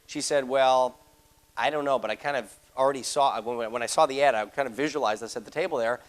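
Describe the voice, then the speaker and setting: A middle-aged man giving a motivational seminar, telling a story fast and acting out the voices of the people in it. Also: mid-range voice. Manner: rapid-fire, acts out quoted voices. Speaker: motivational speaker.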